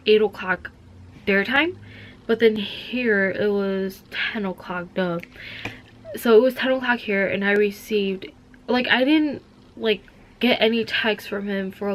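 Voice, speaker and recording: A woman's voice: medium pitch, slight background noise. Chatty young woman, rambling vlog talk. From Minnesota. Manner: rambling, heavy use of "like". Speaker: vlogger. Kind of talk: casual chat.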